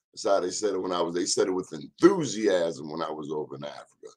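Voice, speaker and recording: A man's voice: sits low, lively intonation, darkish tone. A man hosting a casual live-stream monologue, chatting and speaking straight to his viewers. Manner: chatty, addresses viewers directly, drawn-out phrases. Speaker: host.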